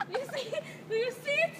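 A woman's voice: very high-pitched, lively intonation, a little slow, crowd noise, voice pushed up. A young woman putting on a silly, giggly, sing-song voice while goofing around outdoors. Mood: playful. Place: outdoors on a university campus. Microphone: phone camera. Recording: phone video with clear street noise outdoors.

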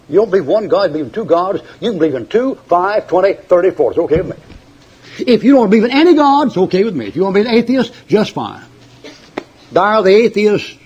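Older male preacher, high husky voice, folksy and combative, mocking jokes, dull old sermon tape. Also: a little mellow. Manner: folksy, combative, mocking, tells joke stories and laughs at them. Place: church before a congregation.

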